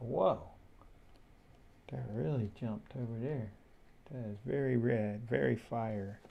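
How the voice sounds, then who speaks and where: A man slowly flipping through a tarot deck, musing aloud to himself in a casual, rambling way. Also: mid-range voice, creaky, warm tone, breathy edge. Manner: slow, musing, talks to himself. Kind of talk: casual flip-through commentary.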